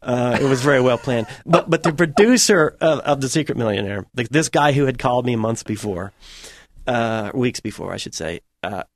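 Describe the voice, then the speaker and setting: Brief: male guest, animated storyteller, mid pitch, dry close mic. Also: moderate pace, dry recording. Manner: animated storyteller acting out quotes. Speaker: guest, music school director. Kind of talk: casual interview storytelling.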